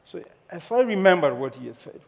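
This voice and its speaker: A man's voice: high-pitched, fairly quick, creaky. Kenyan man telling a story on stage. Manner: humorous, animated storyteller. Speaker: speaker. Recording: long hall reverb.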